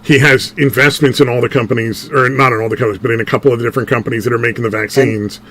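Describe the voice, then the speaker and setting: A man's voice: medium pitch, fairly even intonation, rapid-fire, a bit bright, slight background noise. A man co-hosting a podcast, ranting in casual, profane chat and laughing at his own jokes. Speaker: podcast co-host.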